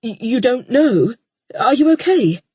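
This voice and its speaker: A woman voicing a concerned young husband, speaking softly and carefully in an audiobook. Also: on the high side, sing-song, a little slow, husky, no echo, voice pushed up, heavily acted.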